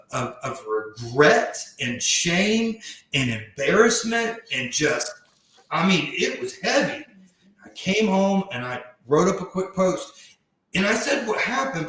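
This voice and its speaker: A man on a podcast as a guest, telling a personal story in a heartfelt, reflective way and slowing down to stress key points. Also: fairly high pitch, fairly bright tone. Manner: heartfelt, reflective, often slows down for emphasis. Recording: very echoey room.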